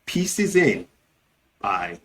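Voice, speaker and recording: Slow, lively-voiced man teaching. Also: on the low side. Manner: slow, deliberate, with lively exclamations. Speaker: host teaching Nigerian Pidgin. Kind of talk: scripted language lesson.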